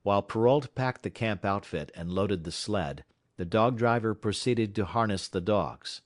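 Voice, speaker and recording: A man reading a classic novel aloud as an audiobook narrator, in a measured, dramatic storytelling manner. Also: on the low side, no room sound, studio quality. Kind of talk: scripted narration.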